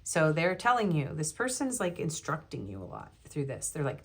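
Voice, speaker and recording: A woman with a notably low speaking voice leads a pick-a-card tarot reading. She rattles off card meanings, then drifts into loose, rambling talk and often leaves sentences unfinished. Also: wildly swooping pitch, moderate pace, hardly any pauses, husky. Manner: rambling, trails off mid-sentence. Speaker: tarot reader.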